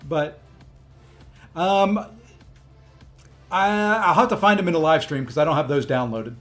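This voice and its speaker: A man streaming a mobile game, chatting casually with viewers and often filling pauses with ums. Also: on the high side, lively intonation, faint music behind. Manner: chatty, frequent ums and restarts. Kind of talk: casual livestream commentary.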